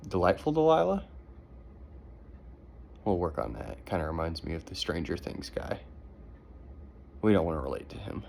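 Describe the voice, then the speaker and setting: A man's voice: sits low, very animated, moderate pace, vocal fry, pauses often, a little mellow, slight background noise. A father reading a bedtime story to his daughter, breaking off for playful, teasing asides.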